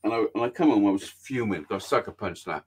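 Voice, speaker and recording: A man telling a sweary, animated story in casual chat. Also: lowish voice, quick pace, slightly rough. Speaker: podcast host.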